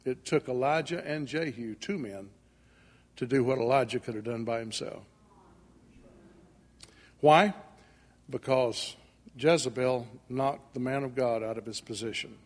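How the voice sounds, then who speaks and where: Husky man preaching in a folksy style. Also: medium pitch, unhurried, pauses often. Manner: folksy storytelling, acting out dialogue. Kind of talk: sermon. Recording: echoey hall with long reverb.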